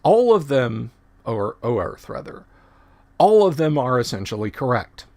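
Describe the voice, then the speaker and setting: A middle-aged man hosts a relaxed livestream chat at an ordinary, middling pitch. He talks in a loose, rambling way, circling back to fix his own words as he goes. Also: measured pace. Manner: rambling, self-correcting, chatty. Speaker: livestream host.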